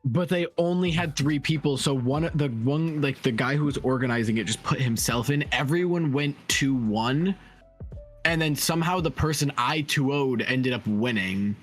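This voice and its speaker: A man's voice: mid-range voice, normal speed. Talkative male co-host who tells long rambling stories, casual stream chat over faint music. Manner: chatty, lots of "like", rambling stories.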